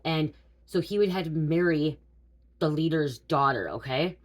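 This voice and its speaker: Poor audio captures a woman with a low voice speaking at a measured pace as she does a spiritual reading. An adult mother of school-age daughters, she talks casually and rambles, frequently starting over and checking in with "okay?" and "you guys."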